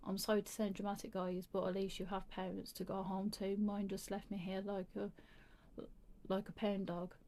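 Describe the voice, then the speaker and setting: A woman voicing an ill teenage boy in hospital, teasing and wry, flat and mellow in tone. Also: mid-range voice, moderate pace, close to an everyday voice. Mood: bitter. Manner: teasing, then cold.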